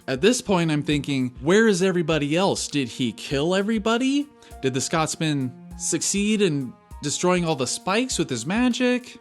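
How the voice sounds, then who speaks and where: A man giving a casual, excited recap and review of a cartoon episode, chatty and full of loose filler words. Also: medium pitch. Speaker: video reviewer.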